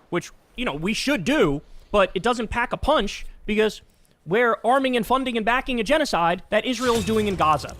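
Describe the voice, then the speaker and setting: A man's voice: high voice, a bit bright. A man streaming political commentary, reacting to a clip with heated, scornful ranting.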